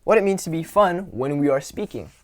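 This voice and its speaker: A man with a voice on the high side coaches social skills in a casual instructional talk, relaxed and grounded. He slows his words for emphasis, sighs, and demonstrates vocal dynamics by swinging from a whisper to loud.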